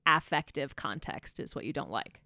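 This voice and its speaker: A woman's voice: low-pitched, expressive, normal speed, bright, forceful tone, no echo, studio quality. A woman co-hosting a casual book club podcast, thinking aloud in a thoughtful way. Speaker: podcast co-host.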